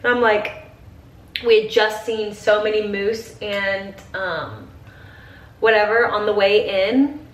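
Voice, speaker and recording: A woman's voice: medium pitch, slow pace, reverberant, distant mic. A young woman in her twenties chatting while getting ready, gushing and saying "like" constantly, teary at times. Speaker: vlogger. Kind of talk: get-ready-with-me chat.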